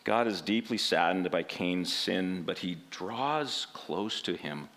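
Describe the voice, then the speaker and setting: A man's voice: low-pitched, expressive, takes it slowly, fairly bright tone. A man preaching a sermon in a conversational way, often asking rhetorical questions and checking in with "right?".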